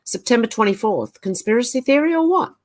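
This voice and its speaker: A woman's voice: on the high side, expressive, brisk, darkish tone. A woman hosting a casual livestream, reading out viewer comments and thinking aloud with hesitant asides. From Australia.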